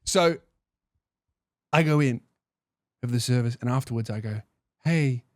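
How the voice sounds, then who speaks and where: A man's voice: mid-range voice, measured pace, darkish tone, dry recording, clean studio sound. A young man giving a rambling, comedic podcast monologue, swearing freely and restarting his sentences.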